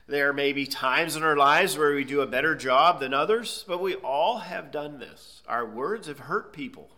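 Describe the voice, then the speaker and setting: A pastor with a slightly high, sharp-toned voice delivers an expository sermon. He reads scripture aloud, then explains it in plain terms.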